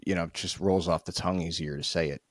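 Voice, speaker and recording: A man co-hosting a casual podcast who has kids; he chimes in with quick agreement and short asides. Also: deep voice, fairly even intonation, no echo, clean studio sound. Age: adult with children. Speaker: podcast co-host. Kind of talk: casual chat.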